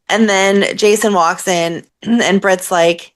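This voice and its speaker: Woman co-hosting a fan podcast, middle pitch, keeps acting out what everyone said. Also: moderate pace, few pauses, a bit bright. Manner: retells scenes by acting out characters' lines. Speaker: podcast co-host. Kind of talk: casual fan podcast chat.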